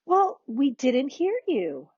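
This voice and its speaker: A woman's voice: sits high, wildly swooping pitch, slow, dry recording, highs cut off, voice pushed up, exaggerated voice. A woman voicing a mother who coaxes her daughter to speak up, in a storybook reading. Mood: gentle. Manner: encouraging, louder.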